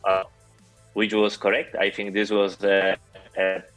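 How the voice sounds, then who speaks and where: Brief: Polish-accented male guest, low voice, halting with fillers, faint music under. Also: completely flat delivery, fairly bright tone, rough recording. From Poland. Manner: halting, many fillers and restarts. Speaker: interview guest. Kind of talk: casual storytelling interview.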